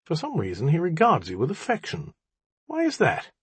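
A man reading an audiobook, voicing a guarded, aloof young male magician who speaks quietly and formally. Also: a little high, wildly swooping pitch, moderate pace, slightly rough, no echo, voice pushed up, full character voice.

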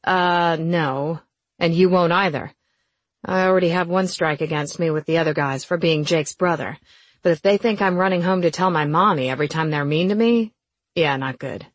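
Brief: a woman playing a laid-back joker of a young man for an audiobook, husky low voice, dry close sound. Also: moderate pace, no room sound, natural voice. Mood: teasing. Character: easygoing young man, joking but guarded.

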